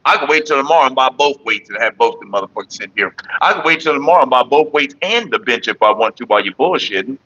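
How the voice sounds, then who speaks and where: A man's voice: medium pitch, lively intonation, fast talker, hardly any pauses, breathy edge, highs cut off. A man chatting casually and profanely on a morning livestream, rambling to his viewers and his partner. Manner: sings loudly and off-key at times. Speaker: vlogger.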